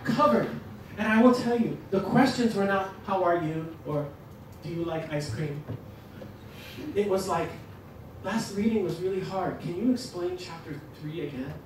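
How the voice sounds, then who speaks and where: A man presents a teaching workshop with lively, joking energy. His voice sits fairly high and carries through a very echoey hall. He is picked up from a distance with clear background noise. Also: normal speed. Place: lecture room.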